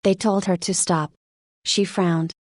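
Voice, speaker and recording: A woman narrating a nonfiction audiobook in an even, measured reading. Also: fairly low pitch, no room sound.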